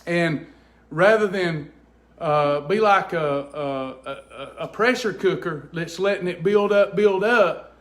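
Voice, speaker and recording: A man's voice: a little high, slow, a bit bright. A man speaks to camera from home in a casual, preachy way. He is earnest and emphatic and often repeats his words to drive a point home. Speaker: host of a faith-based weight loss ministry. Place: at home indoors.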